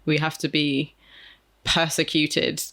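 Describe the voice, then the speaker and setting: Bright-voiced man, thinking aloud. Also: fairly high pitch, flat delivery. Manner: thoughtful, pauses and restarts while thinking aloud. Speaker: podcast co-host. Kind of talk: casual chat.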